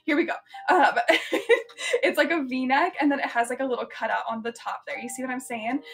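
Giggly high-voiced young woman reseller. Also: brisk. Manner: chatty, giggly, lots of ums and likes. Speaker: live-stream reseller. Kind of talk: casual live-selling chat.

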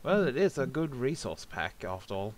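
Easygoing man for a relaxed VR hangout, lively pitch, quick to laugh. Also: slight background noise. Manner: laughs often, easygoing teasing. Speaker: social VR group member. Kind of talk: casual chat. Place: online voice chat in a VR game.

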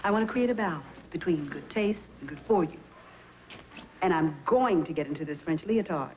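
A woman talks in a chatty, confiding tone in a TV commercial. Her voice is low for a woman. A soft hiss sits under the sound. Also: lively intonation, moderate pace. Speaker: commercial actress.

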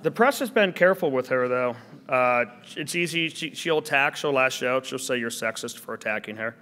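A man's voice: medium pitch, normal speed, bright, forceful tone, slight background noise. A man answering audience questions at a seminar, combative and sardonic. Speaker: speaker at a seminar. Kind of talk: lecture Q&A answer. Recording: long hall reverb.

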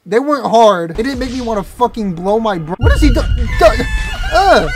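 A young man in his twenties giving crude, joking, excitable let's-play commentary. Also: very high-pitched, a little fast. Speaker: gaming YouTuber. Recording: game music behind.

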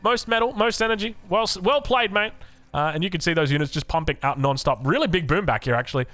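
A man's voice: sits high, quick pace, pushed and bright. A man with an Australian accent giving chatty, rambling commentary on a strategy game match. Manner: chatty, rambling asides, frequent restarts. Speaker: game caster.

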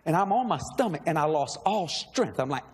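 A middle-aged man, telling a story in a sermon with animated energy, laughing and shouting at the peaks. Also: on the high side, fairly quick. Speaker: preacher. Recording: long reverb in a large hall, faint noise.

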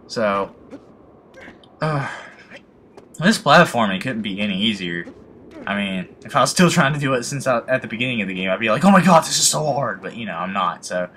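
A man's voice: on the low side, expressive, moderate pace, long pauses, sharp tone, slight background noise. A young man commenting casually on a video game he plays, emotional, rambling and swearing often, mocking himself. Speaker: let's play gamer.

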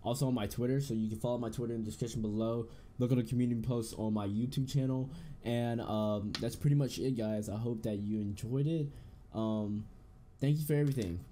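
A young man giving casual, excitable commentary over a horror game, with loud outbursts and a relaxed chat to his viewers. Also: mid-range voice, fairly quick, a little hiss or hum. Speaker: gaming YouTuber.

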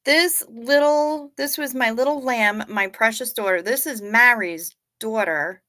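Slow-talking bright-voiced woman livestreamer. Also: on the high side. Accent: Midwestern American. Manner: gushing, playful, laid-back. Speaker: livestream host. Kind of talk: casual chat reading viewer comments.

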